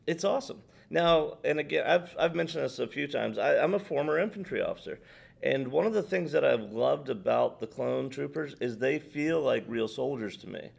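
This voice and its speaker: A man's voice: medium pitch, creaky. A middle-aged American man co-hosting a podcast, talking casually with lots of fillers and tangents. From United States. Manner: rambling, tangent-prone, filler-heavy. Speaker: podcast co-host. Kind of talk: casual chat.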